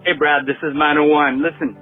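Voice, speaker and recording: A man's voice: fairly high pitch, level tone, brisk, faint music behind. A man enthusiastically urging listeners in a voicemail to support a show. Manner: enthusiastic, pleading. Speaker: caller. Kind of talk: voicemail message. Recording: tinny phone voicemail.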